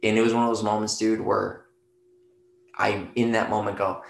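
A man with a low, gravelly voice rambles through a casual podcast chat, loose and profane and full of "you know"s. The sound is roomy, with a clear echo off the walls. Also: little pitch movement, normal speed, a little hiss or hum.

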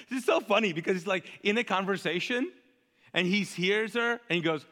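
A male pastor preaching in a chatty, animated way, asking the congregation to fill in words. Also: sits high, brisk, in a large hall. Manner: conversational, animated, asks the crowd to fill in words. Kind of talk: sermon.

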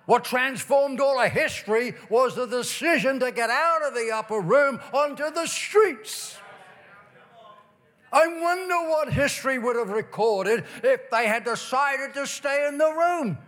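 A man's voice: very high-pitched, expressive, a little slow, fairly bright tone. A man preaching a sermon at a revival meeting, reading scripture aloud and drawing out key words for emphasis. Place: church during revival meeting.

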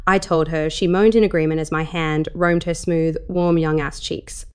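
A woman reading a first-person adult story aloud as narrator, in a slow, sultry manner. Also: deep voice, fairly even intonation, smooth.

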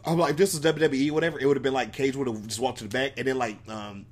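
A man's voice: mid-range voice, steady tone, very fast. A man co-hosting a podcast, recapping wrestling in rambling casual chat, swearing and laughing often. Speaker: podcast co-host.

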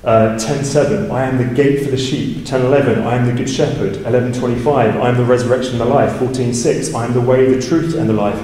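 Speaking fast with barely a pause, a warm, mellow-voiced man delivers a sermon in a steady tone, explaining scripture casually and asking "right?" He rises in pitch and volume for emphasis. The mic sits far away in a large church hall with a long echo and faint ambience.

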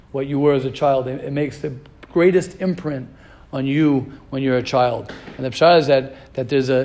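A rabbi teaching an informal Torah class, animated and questioning his students, mixing in Hebrew terms. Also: fairly high pitch.

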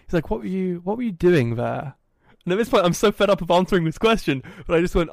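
A man hosting a podcast, telling a story in a casual, animated and self-mocking way. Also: high voice, quick pace, creaky, dry recording. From England. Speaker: podcast host. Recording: dry, poorly set up audio.

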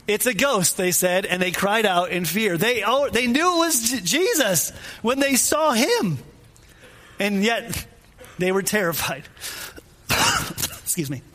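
High-pitched male preacher, easygoing sermon delivery, drives points home by repetition. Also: very animated, slow pace, long pauses, pushed and bright. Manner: informal, asks listeners questions directly; repeats phrases for emphasis. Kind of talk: conversational sermon.

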